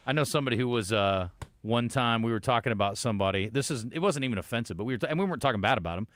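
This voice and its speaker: Male radio host, quick and jokey, dry studio sound. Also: medium pitch, lively intonation, a bit bright, no room sound. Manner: quick, joking, reads listener texts aloud. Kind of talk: casual sports radio banter. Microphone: studio microphone.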